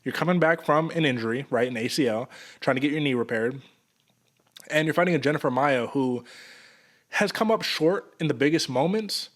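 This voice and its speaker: A man co-hosting a sports podcast, breaking down an upcoming fight in an animated, casual way, dropping "man" a lot. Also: fairly high pitch, brisk. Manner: animated, says "man" often. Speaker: podcast co-host.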